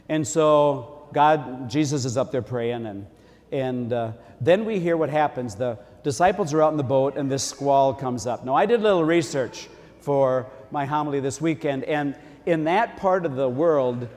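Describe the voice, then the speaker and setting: A man preaching a sermon as a priest, in a folksy, conversational way. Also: on the high side. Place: church. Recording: long church reverb.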